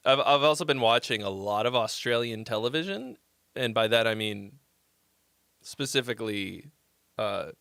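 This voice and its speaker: A man's voice: mid-range voice, pushed and bright, clean tone, no echo, clean studio sound. A man hosting a song-feedback livestream in a rambling, profane, joking casual chat. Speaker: host giving song feedback.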